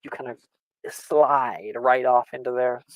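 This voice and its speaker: A man running a tabletop role-playing game as game master, chatty and quick to laugh. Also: mid-range voice, fairly even intonation, no echo. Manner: laughing often, loose and chatty.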